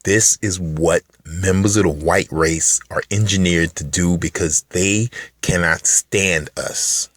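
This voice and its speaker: A man's voice: fairly even intonation, takes it slowly, few pauses, a bit bright, no echo, studio quality. A man vlogging to camera in a rambling, profane monologue, full of restarts and fillers, dropping to mutters and rising into emphatic bursts. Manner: shifts between low mutters and raised, emphatic bursts. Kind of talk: unscripted ranting monologue to camera.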